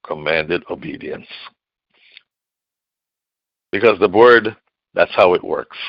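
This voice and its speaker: A man preaching a sermon with call-and-response, repeating key phrases and swinging from loud declarations to low murmurs. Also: takes it slowly, no room sound. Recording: dull lo-fi recording.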